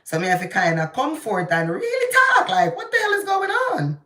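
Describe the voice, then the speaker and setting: A middle-aged Jamaican woman with a Jamaican accent, giving heated live political commentary that swings between slow, emphatic outbursts and quick asides in patois. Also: high voice, reverberant. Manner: animated, ranting, shifting into patois. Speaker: vlogger.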